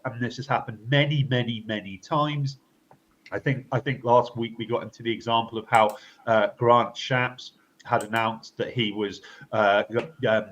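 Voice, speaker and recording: A man gives political commentary on a podcast. He talks in a halting, unscripted way, with plenty of fillers and restarts. His voice sits at a middling pitch, and the recording sounds a little dull and lo-fi. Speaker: co-host. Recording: slightly dull lo-fi audio.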